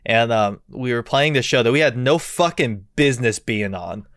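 A man's voice: mid-range voice, lively intonation, normal speed, fairly bright tone, no room sound, clean studio sound. A young man chatting casually on a podcast as a musician guest, swearing freely and laughing as he tells stories. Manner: profane, laughing storyteller. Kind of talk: casual chat.

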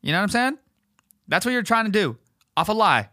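A man hosting a podcast, ranting in a profane, fired-up casual way, often calling the listener dude, his voice jumping higher and louder when he gets worked up. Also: sing-song, fairly quick, no echo, studio quality. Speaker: podcast host. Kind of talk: heated casual rant.

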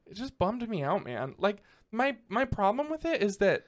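Animated young man ranting on a podcast. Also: sits high, moderate pace. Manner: animated, exasperated ranting with rising laughs. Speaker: podcast co-host. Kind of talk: casual movie chat. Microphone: podcast microphone.

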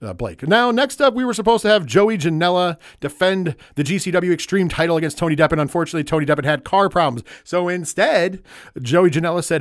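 Excitable wrestling podcast host, dry mic. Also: male voice, high-pitched, fast, no echo. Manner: enthusiastic, profane, rambling with fillers. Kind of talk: casual wrestling recap chat.

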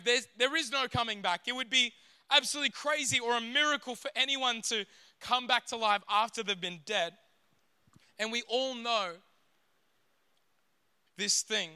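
A man preaching a sermon in an animated way, sometimes acting out voices from the story. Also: extremely high pitch, smooth, no echo. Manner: animated, acts out scenes in character voices.

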